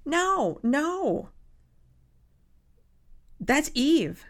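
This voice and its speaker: A woman's voice: high voice, big pitch swings, drawn-out words, long pauses. A woman co-hosting a podcast in casual chat, speaking emphatically and acting out quotes. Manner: emphatic, acts out quotes in a hushed voice. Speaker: podcast co-host.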